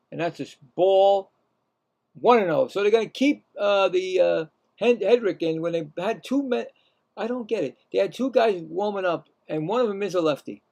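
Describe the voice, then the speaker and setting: A man giving casual, rambling live baseball play-by-play, chatting to himself between pitches and rising sharply in pitch on the calls. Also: darkish tone. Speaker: play-by-play commentator.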